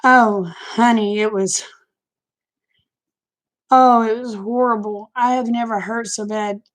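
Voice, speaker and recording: An older woman with a drawl unspools a candid, homespun story at an unhurried pace. Her voice sits a little high, and she keeps a relaxed, chatty manner throughout. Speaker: live-stream host. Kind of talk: casual chat storytelling.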